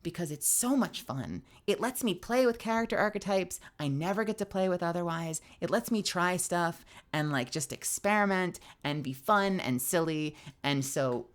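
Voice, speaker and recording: A woman's voice: on the low side, lively intonation, normal speed, hardly any pauses. A young woman streamer with a tired, strained voice, chatting animatedly, laughing and swearing freely. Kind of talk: casual stream outro chat.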